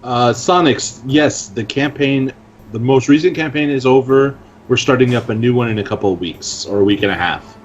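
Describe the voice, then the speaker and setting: A man co-hosting a live stream, relaxed and encouraging. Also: mid-range voice, moderate pace, highs cut off. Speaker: stream co-host. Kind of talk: casual live-stream chat.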